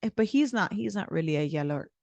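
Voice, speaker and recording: A woman's voice: fairly low pitch, animated, fast talker, creaky, a little mellow, dry recording. A woman co-hosting a podcast in casual chat, frank and swearing, rambling with fillers. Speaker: podcast co-host.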